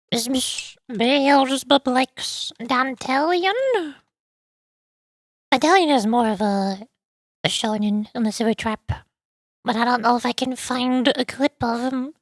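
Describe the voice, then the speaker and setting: A woman streamer in casual chat who stammers and exclaims in an animated way. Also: fairly high pitch, takes it slowly, no echo.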